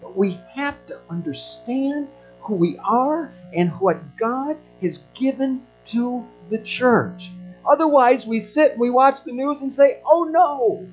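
Preacher man with soft guitar behind. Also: high voice, highs cut off. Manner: earnest, rising to emphatic peaks. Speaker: pastor. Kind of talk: sermon.

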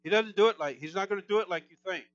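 A man preaching a sermon, fervent and emphatic, his voice climbing higher as he gets excited. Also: rapid-fire, dry recording, dull audio.

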